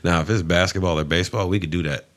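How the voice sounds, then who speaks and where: Low-voiced laid-back podcast man. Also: racing, a bit bright. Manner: laid-back, profane, mumbling restarts. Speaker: podcast co-host. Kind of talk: casual chat.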